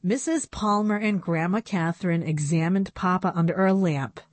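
A woman narrating a children's storybook in a measured, expressive way. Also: on the low side, no room sound. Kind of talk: storybook reading.

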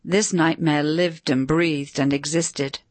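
A woman narrating a story in a measured, expressive reading. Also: deep voice, no room sound. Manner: measured, expressive, varied delivery.

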